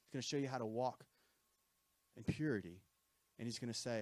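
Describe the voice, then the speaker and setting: Speaking briskly with long pauses, a mid-range male voice delivers a chatty sermon to his congregation. He keeps tossing in "right?" asides and repeats points, with no room sound.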